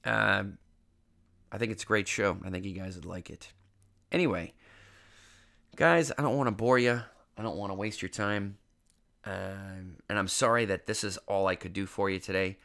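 Still congested and getting over being sick, a young man hosting a podcast tells a rambling, self-deprecating story, swearing plenty. His voice is fairly low, gravelly and fairly bright, with a steady tone at normal speed and frequent pauses.

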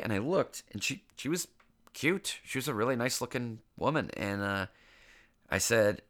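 A man's voice: mid-range voice, measured pace, pauses often, fairly bright tone. A young man hosting a podcast, telling a rambling, self-mocking story in a casual way, with a congested, stuffy voice and plenty of swearing. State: congested, getting over an illness. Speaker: podcast host.

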